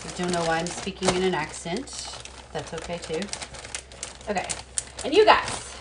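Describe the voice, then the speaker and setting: Her voice is fairly low, and heavy background noise surrounds her as she preps meals at home. The cooking vlogger chats casually to camera, talks herself through the work, and laughs when things go wrong.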